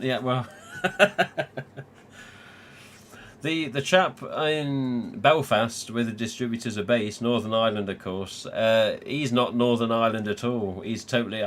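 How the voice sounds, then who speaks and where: A man's voice: medium pitch, unhurried, fairly bright tone. A man from England hosting a live stream, chatting casually, swearing freely and laughing often. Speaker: livestream host.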